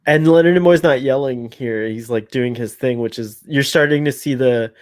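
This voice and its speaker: A man's voice: medium pitch, moderate pace, no room sound, clean studio sound. Chatty man laughing through fan commentary. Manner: chatty, laughs often, rambling asides. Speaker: podcast co-host.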